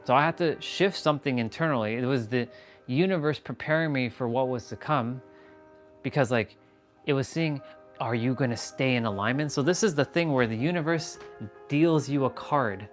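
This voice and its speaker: A man's voice: mid-range voice, normal speed, soft background music. A man hosting a casual motivational live stream while walking, blunt and emphatic, swearing freely. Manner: talks while walking on a step count.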